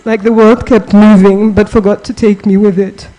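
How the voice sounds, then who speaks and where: A mourner giving a funeral eulogy in a slow, measured, grieving way. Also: mid-range voice, flat delivery, dark tone, low-quality recording.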